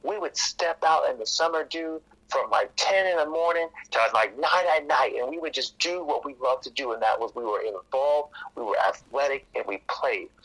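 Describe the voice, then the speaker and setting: A man's voice: mid-range voice, normal speed, few pauses, husky, poor audio. A man, a coach and teacher, talking casually as a podcast guest and acting out the voices in his stories. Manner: lively storyteller, acts out quoted voices.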